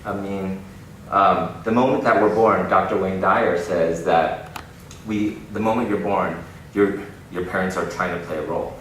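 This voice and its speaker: Deep-voiced man giving a keynote in an echoey hall. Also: measured pace. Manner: animated storytelling with frequent laughs. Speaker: keynote speaker. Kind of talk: inspirational keynote talk. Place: large conference hall. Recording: echoey hall, distant mic, noisy.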